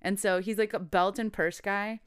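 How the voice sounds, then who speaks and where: A woman's voice: mid-range voice, steady tone, moderate pace, smooth. A woman co-hosting a podcast, casually telling a story, quoting people and laughing often. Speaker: podcast co-host.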